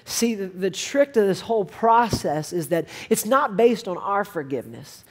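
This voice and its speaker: Man, pastor, sermon, conversational storytelling, personal and direct. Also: high-pitched. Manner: conversational, storytelling preaching with rising intensity.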